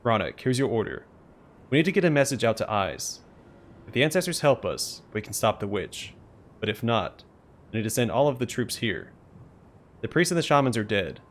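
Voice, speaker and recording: A man's voice: medium pitch, big pitch swings, moderate pace. Man reading as a stern wounded sergeant. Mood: urgent. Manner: urgent, giving orders.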